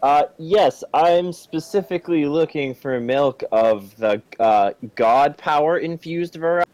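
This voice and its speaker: A man's voice: a little high, a little slow, a little mellow, dry recording. A man playing a tabletop game who talks hesitantly and stammers. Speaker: player.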